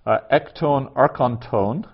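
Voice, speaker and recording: Guy teaching class, talks real slow, thinks out loud w lots of ums. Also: mid-range voice, vocal fry, husky. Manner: halting, thinking aloud with many fillers. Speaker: Greek teacher. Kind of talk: classroom lesson, translating aloud. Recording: dull lo-fi classroom recording.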